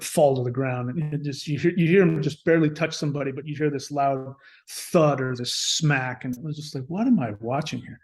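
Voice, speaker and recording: A man who is a podcast guest, telling a personal story in a casual way. He is animated, restarts often and acts out bits of dialogue. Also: fairly high pitch.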